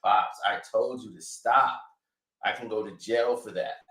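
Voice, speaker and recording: A man doing a soft, evasive rapper. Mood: pleading. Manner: low, subdued, measured. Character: impression of a famous male rapper, calm, evasive, soft-spoken. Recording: echoey room.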